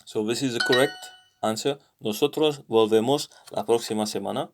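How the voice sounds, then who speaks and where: A man with a British accent walks through a language lesson out loud, thinking as he goes, pausing often and correcting himself. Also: medium pitch, noisy background. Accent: British English. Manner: thinking aloud, explains patiently with many pauses and self-corrections. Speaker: language learner sharing lessons. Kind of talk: screen-recorded lesson walkthrough.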